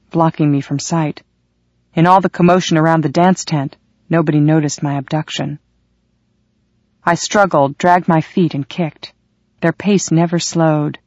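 A man reading a first-person audiobook chapter with steady, dramatic storytelling. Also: fairly high pitch, no echo. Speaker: audiobook narrator. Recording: dry, slightly muffled.

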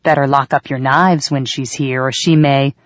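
A woman's voice: extremely low pitch, steady tone, moderate pace, dry recording. A woman voicing a scornful woman kitchen worker who mocks and takes bets, read in a dull, dry audiobook recording. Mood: taunting. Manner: scornful, taunting. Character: mocking woman kitchen gossip taking bets. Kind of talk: audiobook character voice.

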